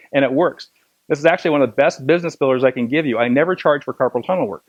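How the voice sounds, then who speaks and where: A man's voice: mid-range voice, muffled recording. A middle-aged man teaching a hands-on massage class, telling stories and demonstrating as he talks. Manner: fast, anecdotal, demonstrating while talking. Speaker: massage instructor.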